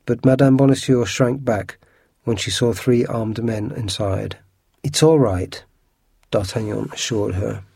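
Brief: male narrator, mellow dark tone, a bit breathy, expressive storybook reading. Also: fairly low pitch, a little slow, dry recording, clean studio sound.

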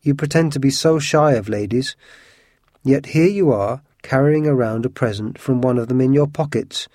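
A man's voice: mid-range voice, moderate pace, dark tone, no room sound, lightly acted. Teasing swordsman's pal voiced by a man, mocking, dry close sound. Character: teasing male friend of a musketeer.

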